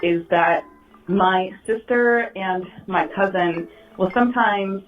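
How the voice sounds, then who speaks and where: A woman's voice: mid-range voice, takes it slowly, faint music behind. A woman leaving a voicemail, telling a confession in a plain, slightly hesitant way. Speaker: voicemail caller. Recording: dull distant voicemail audio.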